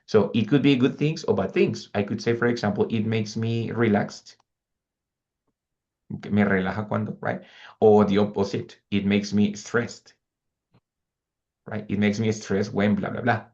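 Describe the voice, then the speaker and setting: Male language teacher, low gravelly delivery, repeats examples, muffled recording. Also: fairly even intonation, normal speed, long pauses, darkish tone. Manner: patient, repeats example phrases and checks in with "right?" and "ready?". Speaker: English teacher. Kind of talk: online language lesson, mixing English and Spanish.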